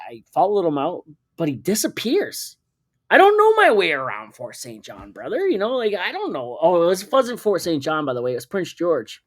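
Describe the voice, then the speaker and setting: A man, hosting a podcast and telling a story in a rambling, profane way, often correcting himself. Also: fairly high pitch. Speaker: podcast host. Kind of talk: casual storytelling.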